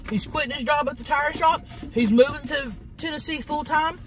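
A woman's voice: high voice, moderate pace, a bit bright, faint music behind. A woman, chatting casually while eating on camera, drawling, affectionate and swearing freely. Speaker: mukbang host.

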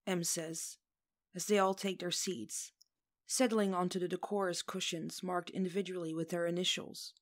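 Woman narrator, audiobook, gentle, measured, slightly low voice. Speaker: audiobook reader. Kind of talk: fan fiction audiobook narration.

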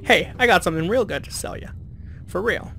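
A man's voice: high voice, lively intonation, vocal fry, a bit bright, faint music behind, pitched above the performer's own voice, heavily acted. A man doing a pushy rat merchant. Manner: fast salesman patter.

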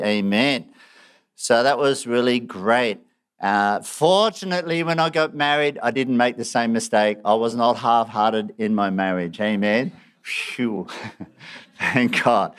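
A man's voice: mid-range voice, clean tone. A man preaching a sermon, joking at his own expense and laughing often. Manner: self-mocking, animated, laughs often.

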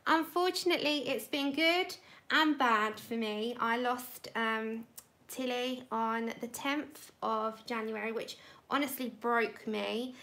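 A woman's voice: fairly high pitch, slow, a bit bright. A woman hosting a live colouring stream, chatting casually and rambling as she greets viewers by name. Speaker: livestream host.

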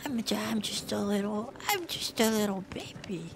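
A man putting on a whiny little baby voice while commenting on a game, straining his throat with high, half-whispered baby talk. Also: animated, normal speed, very noisy. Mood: babyish. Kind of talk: gaming livestream commentary.

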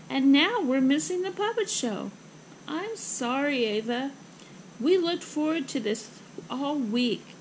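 A woman's voice: on the high side, creaky, slight background noise, full character voice, poor audio. A woman reading a storybook aloud, voicing an upbeat, easily flustered mother in a soothing, singsong way.

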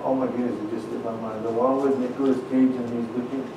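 A man's voice: medium pitch, little pitch movement, quick pace, creaky, background noise. A man addressing a congregation, reading old founding documents aloud and talking earnestly between them, often stopping to repeat his words. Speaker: church speaker. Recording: very echoey room, speaker far from mic.

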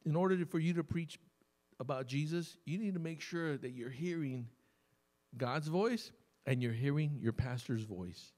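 A man preaching a sermon as pastor, telling stories conversationally and slowing down to stress key words. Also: on the high side, darkish tone. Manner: conversational storytelling preacher, emphatic with sudden slow stresses. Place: church service.

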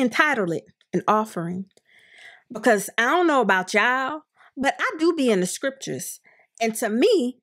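A woman co-hosting a casual review chat, talking frankly with drawn-out emphasis. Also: fairly high pitch, fairly bright tone. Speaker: co-host of a reality TV review show.

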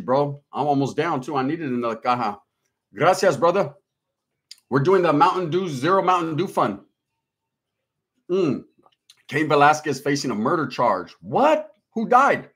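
A man's voice: on the high side, lively intonation, normal speed, fairly bright tone, breathy edge. A man hosting a casual livestream, reading out viewer comments in a slangy, laid-back way. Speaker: livestream host.

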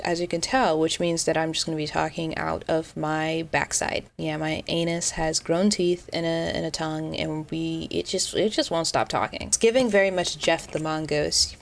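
Young woman, low register, unscripted vlog commentary; rambling, self-deprecating humor, frequent restarts. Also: creaky, slight background noise. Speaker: YouTuber reacting to a Twitter thread.

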